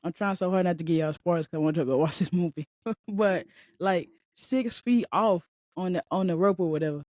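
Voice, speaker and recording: A woman's voice: lowish voice, fairly quick, a little mellow, no room sound, clean studio sound. A woman hosting a podcast, telling a story in a rambling, conversational way and talking straight to her listeners. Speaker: podcast host. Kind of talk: casual storytelling chat.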